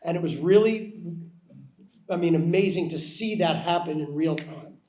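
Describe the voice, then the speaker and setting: High-voiced man, conversational producer. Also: dark tone. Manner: measured, conversational, many "you know" fillers. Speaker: producer and panel co-host. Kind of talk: festival panel talk. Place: festival venue. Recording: roomy hall sound.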